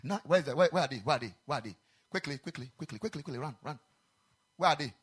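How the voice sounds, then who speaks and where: A man preaching a sermon in a chapel, moving between quiet speech and loud sung exhortation. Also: on the high side, lively intonation, quick pace, breathy edge.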